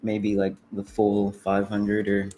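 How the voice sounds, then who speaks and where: Low-voiced young man hosting a trading stream. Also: completely flat delivery, takes it slowly, warm tone, faint music behind. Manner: laid-back, laughs easily, swears casually. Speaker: livestream host. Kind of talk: casual livestream chat.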